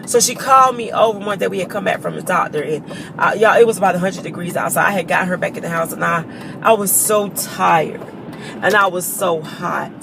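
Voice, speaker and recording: A woman's voice: fairly low pitch, brisk, vocal fry, noisy background. Tearful woman sharing a testimony. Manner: emotional, earnest, addresses viewers as y'all. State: choked up with tears. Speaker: vlogger. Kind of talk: personal testimony to viewers.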